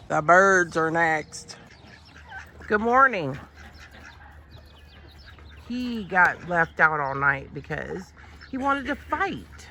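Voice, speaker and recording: Slow, gravelly-voiced woman on a farm. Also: big pitch swings, pushed and bright. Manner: talks to animals in a high sing-song voice, voices what they think. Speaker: farm vlogger. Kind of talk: casual vlog narration while doing farm chores. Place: outdoors on a farm among animals. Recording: noisy outdoor farm audio. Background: turkeys and fowl gobbling.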